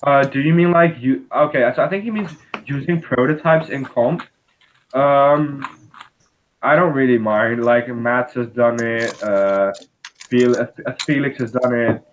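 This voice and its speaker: A man's voice: mid-range voice, measured pace. A man chatting casually on a live stream, hesitating with many fillers and restarts. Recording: slightly dull audio with faint noise.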